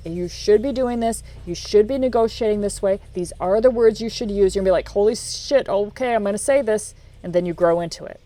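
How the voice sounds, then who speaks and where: Animated woman coaching in casual talk. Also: medium pitch. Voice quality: swears casually. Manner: energetic, acts out quoted lines, laughs often. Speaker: podcast host and film career coach.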